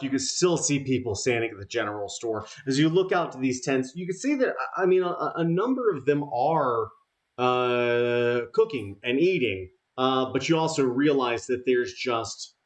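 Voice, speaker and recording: A man narrating as game master for a tabletop game, halting and full of fillers. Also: mid-range voice.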